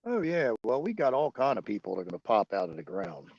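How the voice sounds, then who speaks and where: Gravelly man rambling on a livestream. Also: mid-range voice, very animated, fast, darkish tone, dry recording, muffled recording. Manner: profane, rambling, chuckling often. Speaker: livestream host. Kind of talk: casual livestream chat answering viewers.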